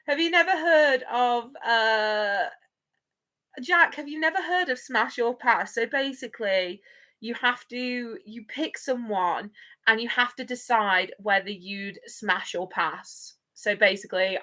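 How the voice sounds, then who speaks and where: A woman's voice: a little high, slow pace, bright, forceful tone. A woman hosting a live watch-along, chatting playfully with viewers and laughing often. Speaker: livestream host.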